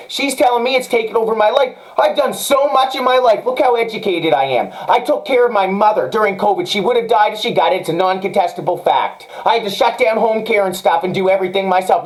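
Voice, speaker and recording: Male podcast host, high-pitched, furious profane solo rant. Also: low-quality recording. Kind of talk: angry solo commentary.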